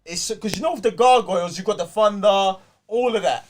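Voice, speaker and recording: Excitable high-voiced man. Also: brisk. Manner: excitable, repeats himself. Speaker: podcast co-host. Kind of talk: casual chat.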